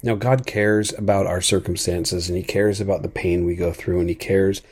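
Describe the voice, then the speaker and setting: A man with a low, warm and slightly husky voice gives a reflective devotional talk. He speaks earnestly and thoughtfully as a podcast host. His pace is unhurried. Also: fairly even intonation.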